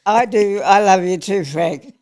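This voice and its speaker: A woman's voice: medium pitch, measured pace, a little mellow. An older woman, an aged care resident, chatting with cheeky, teasing humour. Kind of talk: casual chat.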